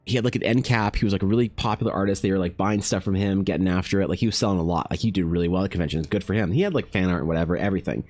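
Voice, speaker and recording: A man's voice: deep voice, rapid-fire, hardly any pauses, a little mellow, no echo. A man, an artist, chatting casually with his live-stream audience, rambling and self-deprecating, often talking to viewers by name.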